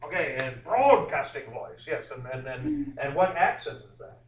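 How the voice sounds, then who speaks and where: A man teaching a history class, lecturing in a rambling, animated way with many fillers and restarts. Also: on the high side, moderate pace, highs cut off, a little hiss or hum. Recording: echoey classroom from far off.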